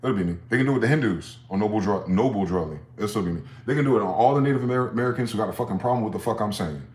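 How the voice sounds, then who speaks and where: Guy ranting to camera late at night, cursing a lot, goes loud then mutters, slight background hiss. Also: lowish voice, racing, roomy sound. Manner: profane, rambling, swings from loud to muttering. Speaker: vlogger.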